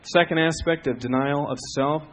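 A middle-aged man preaching a sermon as a pastor, telling stories with swings from hushed to loud. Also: fairly high pitch, fairly even intonation, moderate pace.

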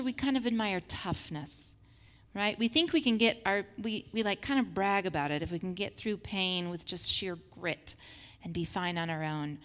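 A woman teaching a faith-based lesson with slides, who acts out the scripture quotes in lively voices. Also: mid-range voice, big-room sound. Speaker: Bible study teacher.

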